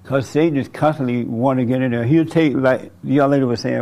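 A man's voice: mid-range voice, fairly even intonation, normal speed, creaky, a little mellow. A man preaching an informal sermon to a small group, conversational, asking rhetorical questions and chuckling at his own points.

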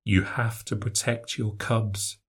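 Male narrator plays a small bossy girl, about six; quiet, stern, scolding in a ghost story reading. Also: fairly low pitch, steady tone, slow pace, husky.

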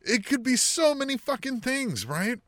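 High, lively male podcast co-host. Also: moderate pace, dry recording, clean studio sound. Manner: enthusiastic, profane, riffing on ideas. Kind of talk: casual chat.

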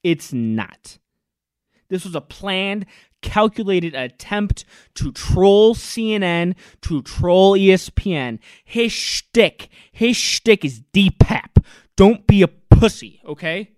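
A man hosting a podcast, ranting angrily with loud mocking sarcasm and jeering mimicry. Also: sits high, animated, slow pace, smooth, no echo, studio quality. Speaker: podcast host. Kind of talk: angry ranting commentary.

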